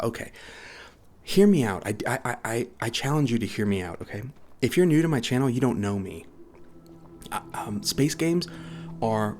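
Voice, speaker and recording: A man's voice: on the low side, a little mellow, a little hiss or hum. A man from the United States chatting casually about a game he loves, rambling and repeating himself, short on sleep. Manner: rambling, repeats words, says okay a lot. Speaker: gaming YouTuber. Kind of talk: casual rambling video chat.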